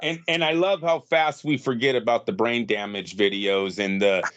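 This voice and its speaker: A man's voice: medium pitch, moderate pace, hardly any pauses, a bit bright. A man co-hosting a boxing podcast, talking bluntly and heatedly with plenty of swearing. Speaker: podcast co-host. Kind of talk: casual boxing talk.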